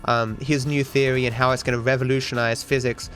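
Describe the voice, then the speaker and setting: A man's voice: medium pitch, level tone, a little fast, a bit bright, faint music behind. A young Australian man in his twenties who chats casually with viewers while speedrunning, rambling and swearing freely. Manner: rambling, sweary, talks to chat. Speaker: streamer and speedrunner. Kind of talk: casual chat while gaming.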